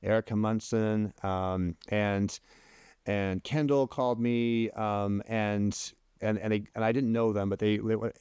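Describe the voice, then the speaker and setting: A man telling a story as a podcast guest in casual chat, animated, with many restarts, his voice jumping higher when he quotes himself. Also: unhurried, clean tone, no echo, clean studio sound. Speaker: podcast guest, LGBT advocate.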